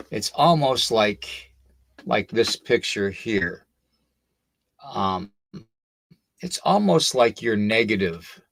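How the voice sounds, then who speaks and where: A man's voice: fairly low pitch, creaky, a bit bright, dry recording. An older man hosting a paranormal podcast livestream, tired and a little out of breath, chatting loosely and greeting viewers by name. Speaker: podcast host. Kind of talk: casual livestream talk.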